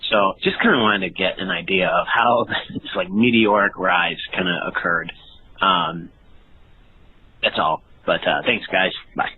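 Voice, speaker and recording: A man leaving a hesitant, measured voicemail question for a podcast, with many pauses and ums. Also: low voice, fairly even intonation, slightly rough. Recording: tinny phone line.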